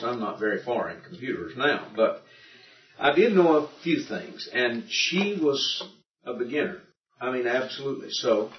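Folksy man teaching in a roomy class. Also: mid-range voice. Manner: folksy, halting, repeats himself. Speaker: Greek teacher. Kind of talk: classroom lecture. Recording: roomy, distant, muffled classroom recording.

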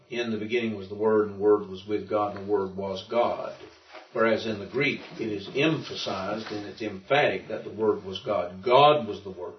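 A low-voiced man teaching Greek and walking through the grammar patiently, often restarting his sentences. The recording is muffled and echoey. It was picked up from across the room. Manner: thinks aloud with frequent restarts, explaining patiently. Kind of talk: informal classroom lesson. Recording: muffled and roomy, from far off.

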